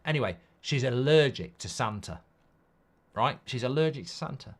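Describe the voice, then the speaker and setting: Host role: man, mid-pitched voice, casual live-stream chatter, blunt, rambling, reads chat aloud. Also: expressive, moderate pace. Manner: blunt, swings between loud outbursts and mutters. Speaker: football watchalong host.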